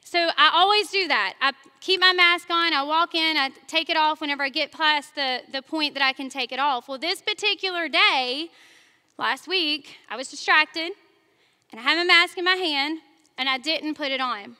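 A woman's voice: high-pitched, normal speed, sharp tone. A woman preacher giving a sermon in a church, telling stories in a chatty way, speaking straight to the congregation and laughing at herself. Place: church sanctuary. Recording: long reverb of a large church hall.

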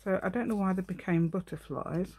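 A middle-aged woman runs a craft channel, chatting through a casual tutorial as she works, thinking out loud, teasing herself and humming or singing little tunes. Her voice sits on the low side, slightly mellow with a breathy edge, and she talks a little fast.

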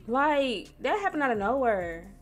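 A young woman from Missouri, chatting casually to viewers while she plays a life-sim game, squealing when something excites her. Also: fairly high pitch, measured pace. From Missouri, USA. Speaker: gaming streamer. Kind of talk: casual gameplay commentary. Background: soft R&B background music.

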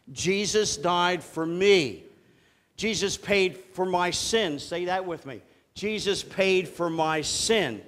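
High-voiced man preaching a sermon. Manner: earnest preaching, slows to lead the congregation in repeating phrases. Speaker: pastor.

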